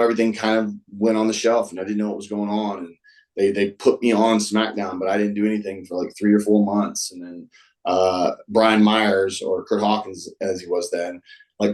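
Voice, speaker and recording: A man guest-hosting a podcast casually recounts stories, acting out what people said. His voice is on the low side and a little mellow, though the audio is poor.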